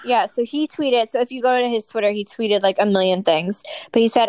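A woman's voice: on the high side, fairly quick, few pauses, a little mellow, clear, resonant tone, dry recording. A woman co-hosting a podcast, chatting breezily and sassily about celebrity news. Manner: breezy, sassy gossip. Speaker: podcast co-host. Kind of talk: casual gossip chat.

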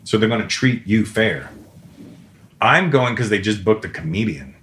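Animated man telling wild stories. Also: normal speed, a little hiss or hum. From Canada. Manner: animated, acts out quotes with big pitch jumps. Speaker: comedian. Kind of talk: casual storytelling chat.

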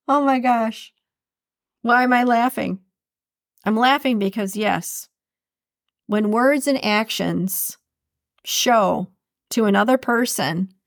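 A woman's voice: a little high, gravelly, no room sound, clean studio sound. A woman hosting a podcast in a casual, chatty solo talk, often laughing as she speaks. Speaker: podcast host.

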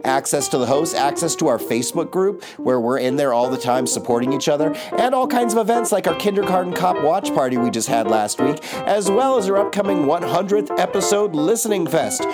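A woman with a slightly low voice reads a podcast's sponsor spots and a long list of patron names. She sounds upbeat and eager, with loud guitar music playing under her the whole time. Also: animated, fairly quick, hardly any pauses. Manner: upbeat, enthusiastic list reading. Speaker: podcast announcer reading sponsors and patron thanks. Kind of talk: scripted podcast intro and ad read.

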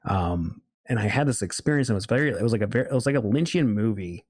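A man's voice: lowish voice, animated, fast, darkish tone, no echo, studio quality. A man telling a long story in a casual, rambling way, full of fillers and restarts. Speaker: guest.

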